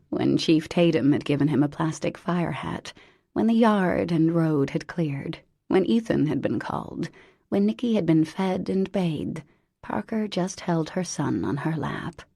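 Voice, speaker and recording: Slow, gravelly woman narrating. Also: lowish voice, lively intonation, warm tone, dry recording, studio quality. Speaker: audiobook narrator. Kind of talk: audiobook narration.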